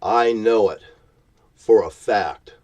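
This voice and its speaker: A man's voice: on the low side, slow pace, a little mellow. A man ranting at the camera from his parked vehicle in a profane, threatening, preachy tone. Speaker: vlogger.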